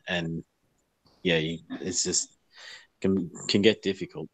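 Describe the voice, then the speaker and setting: A man with an Australian accent, chatting as an easygoing guest who laughs often. His voice is very low and deep, and the sound is dry and close to the mic. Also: level tone, slow pace, no echo, poor audio. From Melbourne, Australia. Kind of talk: casual chat.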